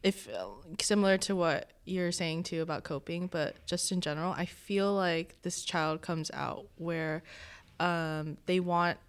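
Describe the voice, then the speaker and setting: A woman's voice: lowish voice, fairly even intonation, measured pace, hardly any pauses, clean tone. A young woman with a Californian accent, reflecting thoughtfully in a casual podcast chat. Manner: reflective, thinking aloud.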